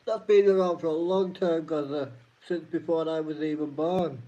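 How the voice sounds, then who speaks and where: A man's voice: on the high side, fairly even intonation, moderate pace, warm tone. A man hosting a live-stream trivia night, reading each question twice and greeting chat viewers by name. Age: adult. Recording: dull lo-fi stream audio.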